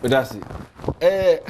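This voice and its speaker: Man, Ghanaian accent, earnest, talk-show guest, mixing languages, middle pitch. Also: animated, slow pace, warm tone, a little hiss or hum. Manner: code-switching, earnest, builds emphasis on lists. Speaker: politician guest. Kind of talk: studio talk show interview.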